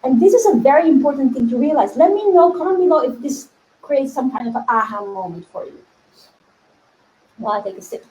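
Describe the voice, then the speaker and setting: A brisk, high-voiced woman coaches her audience on spiritual matters in a laid-back video, animatedly laughing and performing her inner voices. The sound quality is poor and reverberant.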